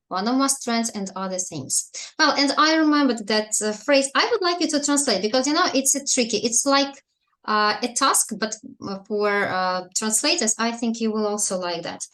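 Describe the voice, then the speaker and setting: Lady teaching english online, kinda high voice, keeps asking the class questions. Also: a bit bright. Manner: explaining patiently, asking students questions. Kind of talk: online language lesson. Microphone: video call.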